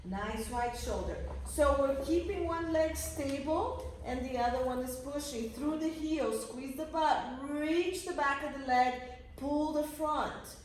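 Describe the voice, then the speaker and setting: A woman's voice: high voice, measured pace, slight background noise. A woman leading a pilates class, coaching energetically and counting reps, at times out of breath. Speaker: pilates instructor. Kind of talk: guiding a workout class. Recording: roomy echo from a distance.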